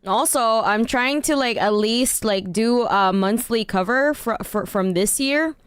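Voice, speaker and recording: A woman's voice: a little high, a little slow, fairly bright tone, smooth, no echo, studio quality. A woman streamer chatting casually with her viewers, slightly nasal today, laughing often and trailing off with fillers. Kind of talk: casual livestream chat.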